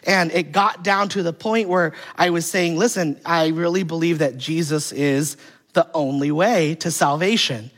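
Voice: mid-range voice, a little slow, a bit bright. A pastor giving a conversational sermon, telling funny family stories and putting rhetorical questions to the congregation. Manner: humorous storytelling, acting out family dialogue.

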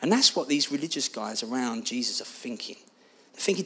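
A man preaching a sermon, telling a personal story in an animated, expressive way. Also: medium pitch, a little fast, breathy edge.

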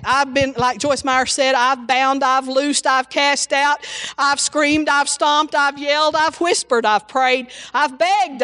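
A woman's voice: sits high, a bit bright, dry recording. A woman preaching an informal sermon, exclaiming hallelujah often and restarting her sentences.

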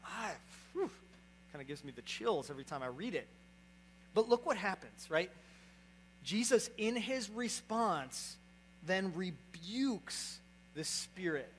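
Preaching to his congregation, a young adult male pastor talks slowly in a high, sing-song voice, leaving long pauses. He stays conversational and repeatedly checks in with "right?" The audio is poor, with slight background noise.

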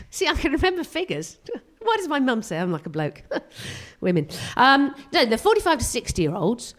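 Self-mocking woman doing live stand-up. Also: high voice. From Britain. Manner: animated and self-mocking, with quick vocal jumps. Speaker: stand-up comedian. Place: live comedy venue.

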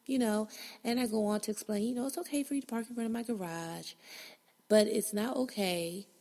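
A woman's voice: medium pitch, a little fast, a little mellow. A woman hosting a podcast, telling a personal story in a casual, blunt and profane way and acting out her own reactions. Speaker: podcast host.

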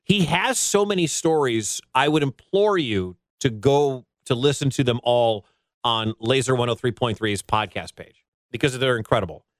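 A man's voice: medium pitch, lively intonation, moderate pace, no echo. A man hosting a radio sports show, introducing his guest in a chatty, joking way.

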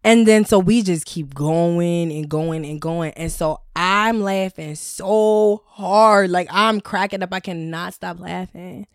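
A woman's voice: on the low side, slow pace, hardly any pauses, clean tone, no echo, studio quality. A woman on a podcast telling a funny personal story in casual, profane chat, acting out what people said. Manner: animated storytelling, swearing, acting out quotes. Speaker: podcast co-host.

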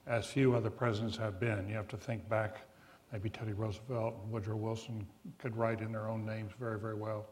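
Older man moderating, halting and measured. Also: fairly low pitch, little pitch movement, darkish tone. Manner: measured, with frequent uh fillers and restarts. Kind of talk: moderating a forum interview.

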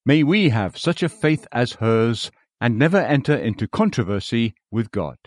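A man's voice: mid-range voice, big pitch swings, a little mellow, no room sound. Man reading a formal sermon, dry sound. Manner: measured, formal old-fashioned preaching diction. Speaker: preacher. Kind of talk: read sermon.

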